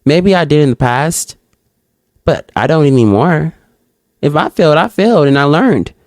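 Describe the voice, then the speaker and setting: A woman hosting a solo podcast, reading out reflection questions and answering them in an animated, outspoken way, talking straight to her listeners and acting out little exchanges. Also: moderate pace, no echo. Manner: acts out little dialogues in higher voices. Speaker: podcast host.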